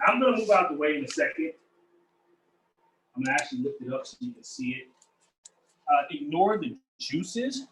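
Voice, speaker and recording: A man's voice: a little high, fairly bright tone, slight background noise, rough recording. A man hosting a cooking demonstration in a kitchen, upbeat and chatty, talking straight to his viewers. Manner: upbeat, chatty, addresses viewers as y'all and family. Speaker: chef hosting a cooking demo.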